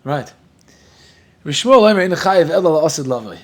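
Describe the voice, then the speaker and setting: A man whose first language is Yiddish, teaching a Talmud class in a lively, joking way. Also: a little high, normal speed. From Williamsburg, Brooklyn. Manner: lively, joking, mixes Hebrew and Yiddish terms into English.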